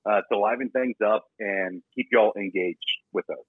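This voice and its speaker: A man's voice: fairly low pitch, moderate pace, no echo. A man co-hosting a podcast, talking in an easygoing, rambling way. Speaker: podcast co-host. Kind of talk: casual chat. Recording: dry tinny phone-like sound.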